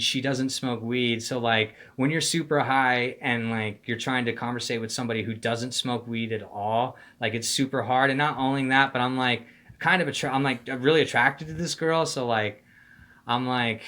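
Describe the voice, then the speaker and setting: A man's voice: mid-range voice, fairly bright tone. A young man telling a personal story in a casual monologue, with slangy, profane talk full of "like", "dude" and "bro".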